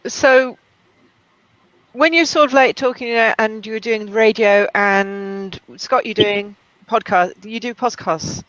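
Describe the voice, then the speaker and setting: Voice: medium pitch, slow pace, a bit bright, clean tone, dry recording. Interviewer on a dull, dry recording. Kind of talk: casual interview questions.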